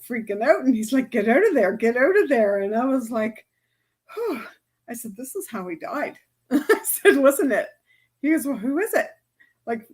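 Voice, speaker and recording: A woman energy healer chatting casually to her followers, telling stories and laughing often. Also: mid-range voice.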